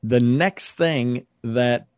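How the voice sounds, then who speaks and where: A man, a ministry leader and guest, telling stories with earnest, animated energy in an interview. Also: medium pitch, extremely slow, clear, resonant tone, no room sound, clean studio sound. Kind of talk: storytelling interview.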